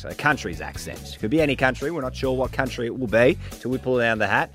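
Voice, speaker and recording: Playful radio host. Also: male voice, mid-range voice, lively intonation, a bit bright, soft background music. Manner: brisk, playful game-show patter. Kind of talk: radio comedy segment. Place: radio studio.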